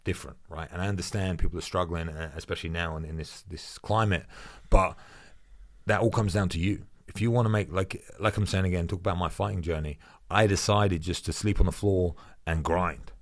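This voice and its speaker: A man with a low, deep voice speaks as a fighter guesting on a podcast. He is blunt and emphatic and swears freely in casual conversation. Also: steady tone, brisk.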